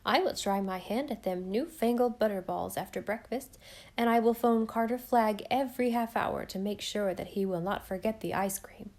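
A woman reading as a brisk, devoted old housekeeper. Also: medium pitch, darkish tone, close to an everyday voice. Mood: earnest. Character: devoted, practical older housekeeper, brisk and sure.

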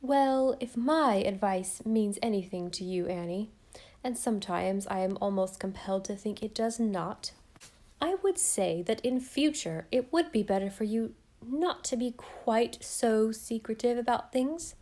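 A woman voicing a fussy, self-pitying older aunt who speaks in a slow, reproachful drawl. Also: on the high side, a little mellow.

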